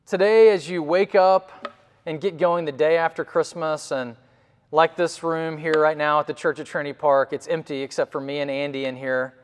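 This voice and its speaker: A man's voice: on the high side, fairly even intonation, moderate pace, clean tone. A pastor preaching a sermon to a nearly empty church, earnest and emphatic, with his voice rising and dropping. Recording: long hall reverb in empty church.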